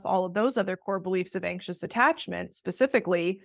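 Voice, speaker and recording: A woman co-hosting a relationship podcast, explaining ideas in a lively conversational way and acting out short quoted lines. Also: fairly low pitch, fairly quick, gravelly, dry recording, studio quality. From Italian heritage. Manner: animated, acts out quoted voices. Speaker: podcast co-host, relationship therapist.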